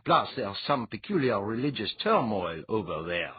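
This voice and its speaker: A man voicing a practical nobleman who speaks in a measured, wry way. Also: fairly low pitch, sing-song, husky. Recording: dull lo-fi audiobook recording.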